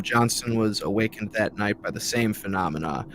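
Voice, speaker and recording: A man's voice: lowish voice, fairly quick, few pauses, a bit bright, slight background noise. A man hosting a podcast, reading a ghost story aloud and breaking off into profane, laughing asides.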